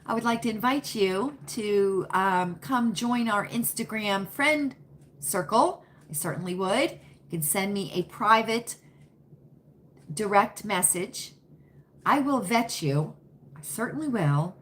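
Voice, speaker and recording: Lady on a live stream, slow easy talk, bright voice, chatty and folksy. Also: on the high side, lively intonation. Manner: chatty, folksy, answers chat comments by name. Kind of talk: casual chat with live viewers.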